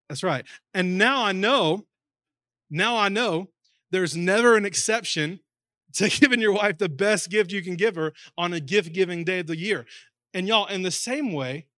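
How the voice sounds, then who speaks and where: A man's voice: a little high, fairly bright tone, no room sound, studio quality. A man, preaching a conversational sermon with emphatic repetition. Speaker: pastor. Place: church auditorium.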